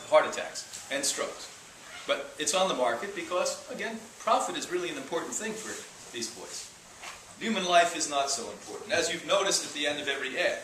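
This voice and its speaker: A man giving an animated live lecture to an audience, with joking, mocking asides. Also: on the high side, a little hiss or hum. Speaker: health institute lecturer. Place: lecture room. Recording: echoey room, speaker far from mic.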